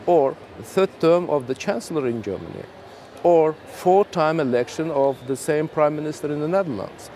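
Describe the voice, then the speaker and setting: A man from Azerbaijan speaks measured, diplomatic English with a mellow, dark tone at a mid pitch. Faint noise lies under his voice. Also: lively intonation. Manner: measured, diplomatic, non-native English with fillers. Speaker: ambassador. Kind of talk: round table discussion.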